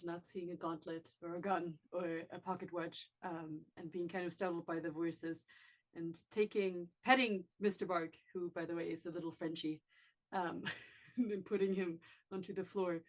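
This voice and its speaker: A woman player in a tabletop game, hesitantly describing what her character does, with many fillers. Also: lowish voice. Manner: soft, hesitant narration with many fillers, laughing often.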